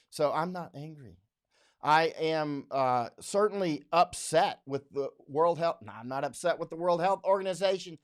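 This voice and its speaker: A man's voice: a little high, moderate pace. A man hosting a live stream, talking bluntly and combatively, repeating points as he goes. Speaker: livestream host, war correspondent.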